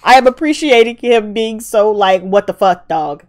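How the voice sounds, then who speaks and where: A woman's voice: mid-range voice, lively intonation, moderate pace, darkish tone, slight background noise. A woman with hosting a casual reaction video, profane and emphatic, talking back to the screen. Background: drama audio playing underneath.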